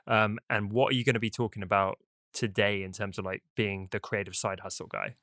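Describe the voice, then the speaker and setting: A man's voice: lowish voice, little pitch movement, fairly quick, fairly bright tone, no echo, studio quality. Upbeat British man hosting a podcast. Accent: British English. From Britain. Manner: upbeat, laughs often. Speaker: podcast host. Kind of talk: casual podcast chat.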